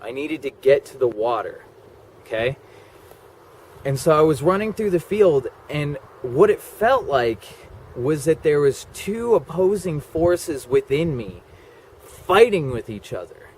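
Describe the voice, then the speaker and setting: Rambling through a personal story, this vlogger keeps dropping in "like" and "okay?" asides. His voice is on the high side and a little mellow, with big pitch swings and a measured pace, and there's slight background noise.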